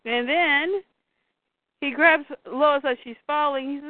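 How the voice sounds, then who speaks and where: A woman's voice: sits high, normal speed, no room sound. A woman co-hosting a casual chat, retelling comic scenes and reading the dialogue aloud. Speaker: comics podcast co-host. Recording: tinny phone-like line, dry.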